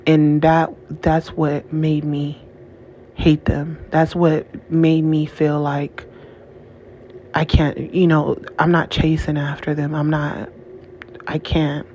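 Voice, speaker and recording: A woman speaks to her viewers in a heated, emotional monologue, repeating herself and breaking off mid-sentence. Her voice stays level and flat in tone. The recording is dull and lo-fi with a faint hiss behind it. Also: deep voice, slow. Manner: angry, repetitive, restarts often, curses. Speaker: channel host.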